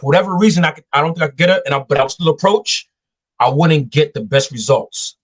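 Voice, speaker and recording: Husky man giving animated dating advice. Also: a little high, fast. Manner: animated storyteller acting out quoted voices. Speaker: show host. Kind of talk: casual dating advice talk.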